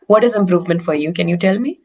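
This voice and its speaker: A woman's voice: lowish voice, quick pace, darkish tone. A woman with an Indian accent coaching a learner in casual English conversation. She is encouraging and often checks in with "right?".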